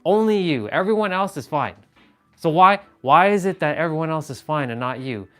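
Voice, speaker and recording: A man's voice: fairly high pitch, lively intonation, moderate pace, sharp tone, soft background music. A young man hosting a casual livestream, rambling in an exasperated way with frequent laughs and offhand swearing. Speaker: livestream host.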